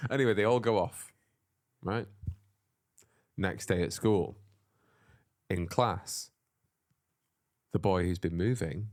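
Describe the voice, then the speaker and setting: A man's voice: low-pitched, slow, pauses often, a little mellow. A man co-hosting a comedy podcast, rambling through an improvised story and slipping into silly character voices. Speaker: podcast co-host.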